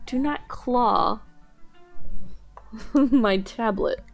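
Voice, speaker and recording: A woman's voice: on the high side, very slow, gravelly, soft background music. A woman streaming live as she draws, chatting casually and cooing to her pets. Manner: chatty, coos and baby-talks to her pets. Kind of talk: casual chat while drawing.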